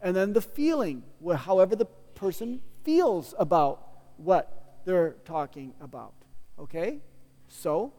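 A man's voice: sits high, very animated, a little slow, dark tone, in a large hall. A man preaching a sermon as a pastor, teaching in a casual, conversational way with frequent restarts and playful asides.

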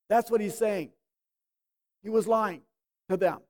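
An emphatic preacher delivering a sermon. The voice stretches key words out slowly and then pushes the listeners with pointed rhetorical questions. Its pitch sits in the middle of the usual range. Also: expressive, mellow.

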